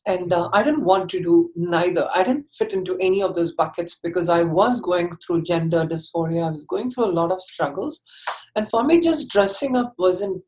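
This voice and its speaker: A woman speaks in a lower register, telling her own story to an interviewer. She is candid and earnest, and her sentences often stall and restart as she works through them. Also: moderate pace, darkish tone, low-quality recording.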